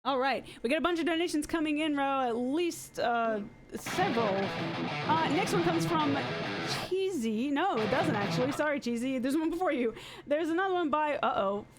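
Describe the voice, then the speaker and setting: Female co-host, upbeat and casual, calls out donations over a quiet guitar. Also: high voice, lively intonation, moderate pace. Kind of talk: casual live-stream chat.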